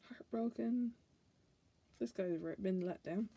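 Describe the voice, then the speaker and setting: A woman's voice: fairly high pitch, unhurried, pauses often, mellow, slightly rough. A woman tarot reader chatting casually through a card deck, playful and giggly.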